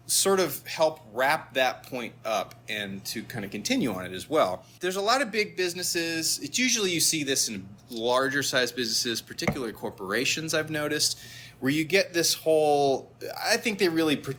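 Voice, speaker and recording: A man's voice: fairly high pitch, very animated, normal speed, bright, forceful tone, a little hiss or hum. A young man hosting a podcast, chatting casually and animatedly with guests, laughing easily. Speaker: podcast host. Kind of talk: casual interview chat.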